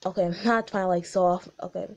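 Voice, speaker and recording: A woman's voice: on the low side, fairly even intonation, a little fast. A young woman reading aloud a story she wrote as a child, stumbling over words and adding her own comments. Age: young adult.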